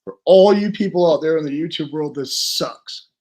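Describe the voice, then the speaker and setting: A man, a guest witness on a podcast interview, speaking haltingly and emotionally, with self-deprecating asides. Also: fairly high pitch, warm tone.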